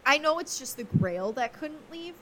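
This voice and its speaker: A woman co-hosting a podcast in casual chat, animated, self-deprecating and quick to laugh. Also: high-pitched. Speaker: podcast co-host. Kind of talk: casual movie-recap chat.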